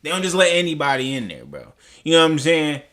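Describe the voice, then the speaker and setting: A man's voice: fairly high pitch, wildly swooping pitch, fast talker, fairly bright tone. A man reacting to a clip, talking in a heated, profane, rambling way with many restarts. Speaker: commentary host. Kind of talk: reaction commentary.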